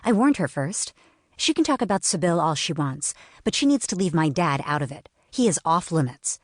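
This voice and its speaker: A woman's voice: on the low side, big pitch swings, moderate pace, no room sound, studio quality. A woman voicing a defiant teenage girl who speaks in a lazy, sardonic drawl. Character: teenage girl heroine, defiant, sharp-tongued.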